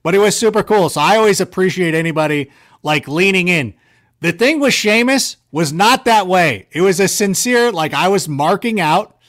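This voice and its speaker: A man telling rambling, self-mocking anecdotes in a casual chat, with lively jumps in his voice. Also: high-pitched, moderate pace.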